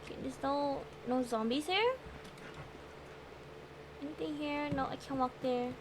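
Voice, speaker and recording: A woman streaming a horror game live, excitable, yelping, swearing and laughing as she plays. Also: sits high, unhurried, noisy background. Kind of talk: live gaming stream commentary.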